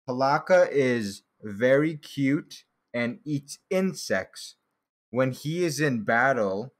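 A young man casually commenting on his old childhood drawings, laid-back and joking, swearing now and then and laughing at himself. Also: medium pitch.

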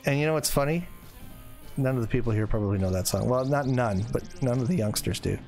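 A man in his forties talks casually through a live game stream, picking up viewer comments and riffing on them. His voice sits at an ordinary middle pitch, and soft game music plays faintly underneath. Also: fast. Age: 40s. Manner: chatty, reads viewer comments aloud and reacts. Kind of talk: casual live-stream chat while playing.

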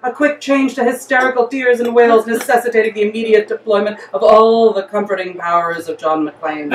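A woman author reading her comic story aloud in a lively, playful way. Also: mid-range voice, normal speed, reverberant, far from the mic, poor audio. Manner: lively, playful, breaks into laughter.

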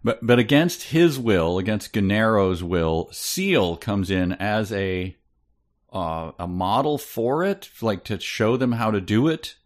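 Low-voiced man co-hosting a book podcast. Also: animated, slow. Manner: reads book passages aloud with dry sarcasm. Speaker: podcast co-host. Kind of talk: casual book-review chat.

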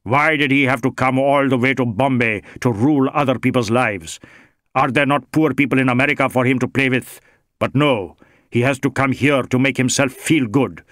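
A man's voice: mid-range voice, moderate pace, fairly bright tone, no echo, studio quality, close to an everyday voice. A man voicing a tall, scornful man who tries to bribe a police inspector, wheedling and contemptuous by turns.

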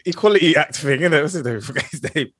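A man with a London accent hosting a podcast, chatting casually and joking with quick reactions. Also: a little high, a bit bright, breathy edge, dry recording, clean studio sound. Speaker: podcast host. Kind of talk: casual chat.

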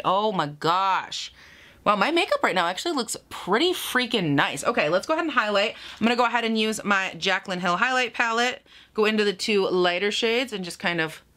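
Young woman makeup vlogger, bright and forward tone, chatty and self-mocking, speaks straight to viewers. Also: mid-range voice. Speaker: beauty vlogger. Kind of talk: casual get-ready-with-me chat.

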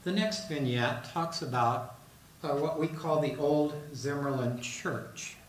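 A man giving a talk to an audience on an artist, pausing often with uh and um. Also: fairly high pitch, a little hiss or hum. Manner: halting, with many uh and um fillers. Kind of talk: presentation to an audience. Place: hall in a retirement residence. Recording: roomy hall, mic at a distance.

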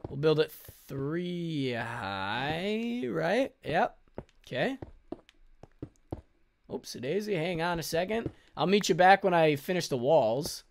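A young man giving casual let's-play commentary, excitable and swearing, breaking into panicky outbursts. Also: a little high, slow, gravelly, a little hiss or hum. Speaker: gaming YouTuber.

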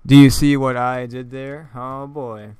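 A man's voice: medium pitch, little pitch movement, a little slow, darkish tone, smooth, no room sound. A man giving casual, joking commentary over his own gameplay, laughing often and stumbling over his words. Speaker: gaming YouTuber.

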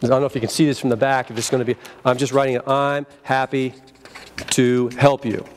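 An energetic man teaches a sales training session in a convention seminar room. He talks at a middle pitch, acts out phone greetings and prompts his audience to repeat lines back to him. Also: brisk, a little hiss or hum.

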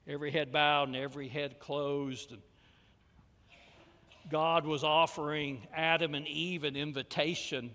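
Slow, bright-voiced preacher in a church hall. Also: male voice, on the high side, level tone. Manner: preaching, swings from loud calls to hushed near-whispers. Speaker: pastor. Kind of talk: sermon. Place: church sanctuary. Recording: long reverb of a church hall.

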